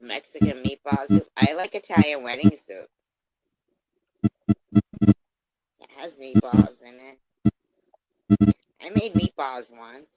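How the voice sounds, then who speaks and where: A man hosts a livestream, chatting unhurriedly about food with a lively rise and fall in his voice. The sound is muffled, with faint music underneath. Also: medium pitch, takes it slowly, long pauses. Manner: chatty, talks about cooking. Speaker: livestream host. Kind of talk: casual chat.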